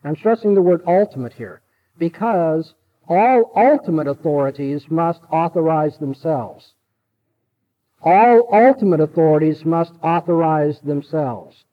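A man's voice: fairly high pitch, lively intonation, a little slow, muffled recording. A man giving a classroom lecture, emphatic and repeating key sentences so students can note them.

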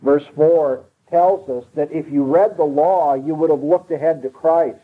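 A man's voice: a little high, a little slow. A man preaching an expository sermon, emphatic and driving his points home by repeating them. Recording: tinny phone-like broadcast sound.

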